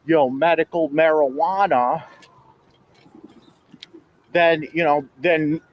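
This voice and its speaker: A man riding a bike outdoors and talking slowly between breaths, often clearing his throat. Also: fairly high pitch, steady tone, highs cut off. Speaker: cyclist filming himself. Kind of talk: casual chat while riding.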